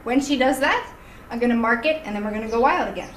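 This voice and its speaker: A woman dog trainer demonstrating a game in a playful, energetic, excitable way. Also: a little high, fast talker. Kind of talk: demonstration video. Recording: echoey room, voice from off-mic, faint hiss.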